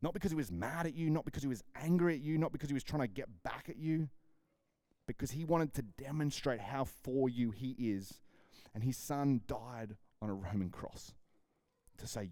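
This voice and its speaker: A man with an Australian accent preaching a sermon in a lively, conversational way, often repeating words and acting out dialogue. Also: medium pitch, moderate pace, no room sound, clean studio sound. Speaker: pastor.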